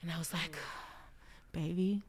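A woman, a rapper guesting on a podcast, telling lively stories and acting out quotes with frequent laughs. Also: lowish voice, measured pace, husky. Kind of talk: animated storytelling in casual chat.

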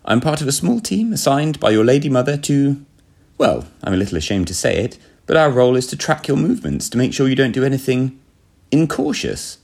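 A man voicing a breezy, coolly unbothered young gentleman spy with an airy, genteel, offhand manner. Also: medium pitch, sing-song, quick pace, creaky, pitched above the performer's own voice.

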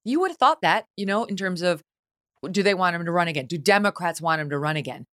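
Woman host with a lower voice, lively and mocking, recorded dry. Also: fast talker, no room sound. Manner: animated, mocking quoted voices. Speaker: podcast host. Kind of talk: casual political chat.

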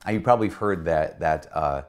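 A man, a priest, giving a casual teaching talk in a conversational, animated way. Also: sits low, a little fast. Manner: conversational, animated, acts out quoted voices. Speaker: Catholic priest.

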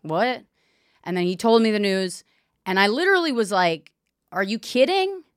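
A woman's voice: mid-range voice, animated, moderate pace, clean tone, no room sound, studio quality. A woman comedian and sketch writer in casual chat, telling a candid, reflective story.

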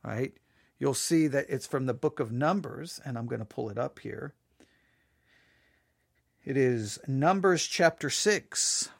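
A man hosting a Bible podcast, chatting casually and restarting his sentences, then reading scripture slowly and solemnly. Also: mid-range voice, animated, creaky, no room sound, clean studio sound. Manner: chatty and self-interrupting, reads scripture in a slow solemn cadence. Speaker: podcast host and Bible teacher. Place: small home studio.

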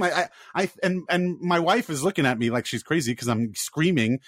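Excitable man with a dry close sound. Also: a little high, fairly quick, dry recording. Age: adult father. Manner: animated, stumbling restarts. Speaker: podcast co-host. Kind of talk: excited casual sports chat.

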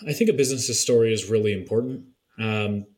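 Male podcast guest, lower register, candid, easygoing delivery with fillers. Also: brisk. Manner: relaxed, candid, frequent fillers. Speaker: podcast guest, marketing consultant. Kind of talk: casual podcast conversation.

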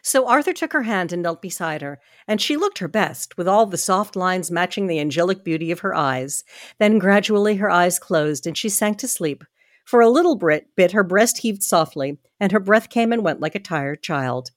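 A woman hosting a podcast, reading a novel aloud at home in steady narration, with small stumbles and asides. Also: lowish voice, normal speed, no room sound, clean studio sound.

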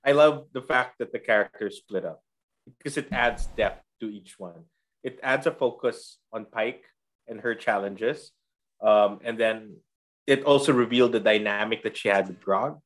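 A man's voice: fairly low pitch, moderate pace. Enthusiastic man in casual chat. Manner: enthusiastic, acts out quotes. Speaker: podcast co-host.

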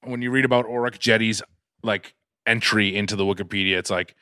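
A man's voice: lowish voice, steady tone, a little fast, sharp tone, dry recording. A man co-hosting a podcast, teasing and wisecracking with his friends. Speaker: podcast co-host. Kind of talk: casual podcast banter.

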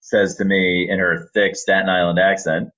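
A man who works as an arena announcer, telling animated stories in an interview. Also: low-pitched, normal speed, muffled recording. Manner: animated storyteller, lively, acts out quotes. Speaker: arena public address announcer. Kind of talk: storytelling in a podcast interview.

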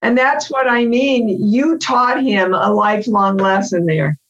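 A woman guest on a talk show, an author, talking enthusiastically with drawn-out phrasing. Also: mid-range voice, steady tone, dull audio. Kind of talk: casual chat.

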